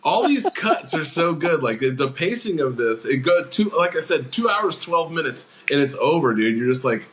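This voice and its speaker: A man's voice: on the high side, moderate pace. Man retelling a movie scene. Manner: animated retelling, acting out movie quotes. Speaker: podcast co-host. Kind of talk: casual movie chat.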